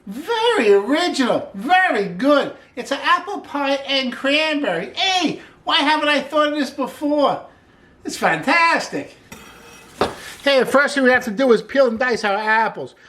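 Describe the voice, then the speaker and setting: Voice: high-pitched, lively intonation, unhurried, fairly bright tone. A cooking show host giving a casual demonstration in an upbeat way, often opening lines with "hey", repeating praise like "wonderful" and joking and laughing at their own asides.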